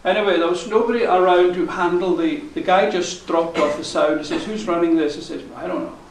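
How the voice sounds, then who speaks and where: High-voiced male folk storyteller, chatty and chuckling, on an echoey live mic. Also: fairly even intonation, brisk, far from the mic, a little hiss or hum. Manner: rambling, chuckling, with self-corrections. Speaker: folk musician telling a story on stage. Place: live concert venue.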